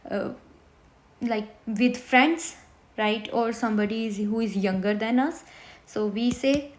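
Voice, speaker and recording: A woman teaching a beginner French lesson, who slowly repeats each word for her students. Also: fairly high pitch, slight background noise. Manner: slow, repeats words for students to hear.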